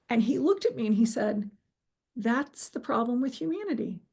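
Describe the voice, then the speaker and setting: A woman sharing her near-death experience in an earnest, halting way, restarting sentences and quoting her own thoughts. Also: on the high side, expressive, creaky, warm tone, breathy edge. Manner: earnest, halting, with many restarts and quoted inner voice. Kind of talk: emotional personal storytelling.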